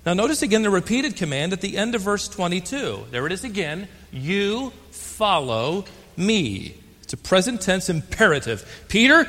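Older American male pastor, sermon delivery, a bit high-pitched and very animated, long church reverb. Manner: emphatic, slows on key phrases.

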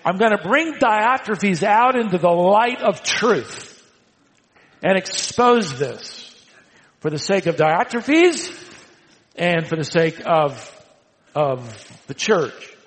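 A man preaching a sermon, swinging from loud emphatic lines to hushed, quiet ones. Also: high-pitched, sing-song, slow pace, in a large hall, poor audio. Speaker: pastor.

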